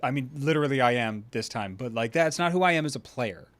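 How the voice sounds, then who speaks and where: Man, co-host, casual stream chat, bright lively voice, playful. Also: mid-range voice, fast. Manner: playful, rambling asides.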